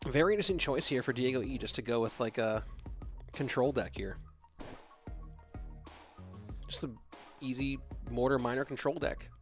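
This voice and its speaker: A man commentating a live esports match from his home setup, breaking off mid-play to chat with viewers. His talk is loose and rambling, full of restarts and asides. Faint music runs quietly underneath. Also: mid-range voice, normal speed, pauses often.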